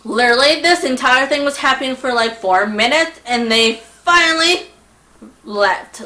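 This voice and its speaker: A woman's voice: fairly high pitch, normal speed, a little hiss or hum. A young woman telling a storytime in a casual, exasperated way, acting out the people she quotes. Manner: animated, exasperated, acts out voices in quotes. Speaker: vlogger. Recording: echoey room.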